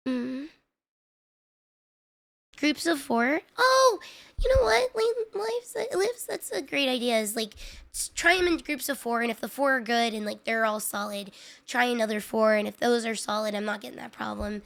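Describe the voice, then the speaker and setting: A woman's fairly high, gravelly voice moves at a normal pace as she talks casually to viewers on her stream. Frustration is audible in her rambling, filler-laden, self-critical chatter.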